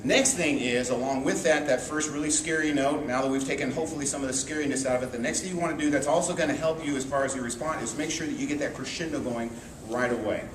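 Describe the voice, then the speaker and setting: A man's voice: medium pitch, fast, hardly any pauses. Male band teacher, easygoing explainer, distant mic, echoey noisy room. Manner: relaxed explanatory, sings phrases on syllables. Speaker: trumpet teacher. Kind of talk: music lesson explaining an etude.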